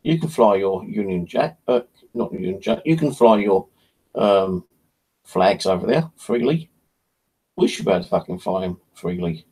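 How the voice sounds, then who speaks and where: A channel host rambles in casual, blunt talk and swears freely. His voice sits low with a gravelly crackle and a husky edge. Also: big pitch swings, moderate pace, dark tone.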